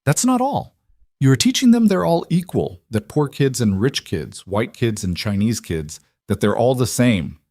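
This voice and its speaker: A man's voice: fairly low pitch, animated, unhurried, hardly any pauses, darkish tone, no room sound, clean studio sound. A man voicing a ruthless young male outlaw with a snarling, contemptuous way of talking, in a scripted story reading. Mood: menacing.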